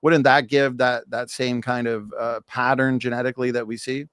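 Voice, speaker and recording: Smooth-voiced male host. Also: medium pitch, little pitch movement, normal speed, a bit bright, no room sound, studio quality. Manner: poses questions, relays viewer chat. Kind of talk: hosting a live seminar.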